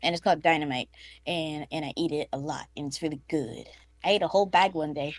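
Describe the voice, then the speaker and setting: A woman's voice: low-pitched, quick pace, no room sound. A woman, a guest on a casual stream, who answers questions in a hesitant, stammering way. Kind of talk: casual chat.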